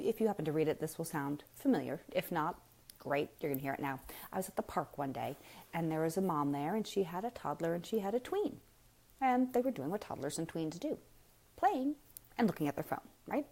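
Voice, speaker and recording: A woman's voice: on the low side, mellow. A woman giving a frank, emphatic parenting talk in a casual live stream, full of rhetorical questions and speaking straight to her viewers. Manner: frank and blunt, addresses viewers directly.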